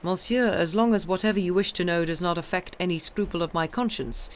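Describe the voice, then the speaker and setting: A woman reading as a calm, guarded older male priest who speaks in a measured, formal way. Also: lowish voice, a little hiss or hum, lightly acted.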